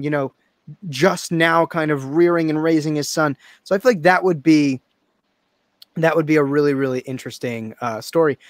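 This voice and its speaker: Upbeat man pitching comic ideas. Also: no echo. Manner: animated, pitches ideas with laughs. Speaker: podcast co-host. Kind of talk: casual chat.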